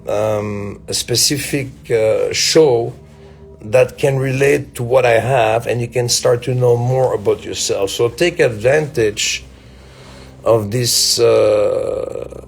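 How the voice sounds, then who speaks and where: A man from Belgium with a Belgian French accent, a native French speaker, giving a reflective motivational talk to his fans in a slow, musing way with halting restarts. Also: mid-range voice, vocal fry.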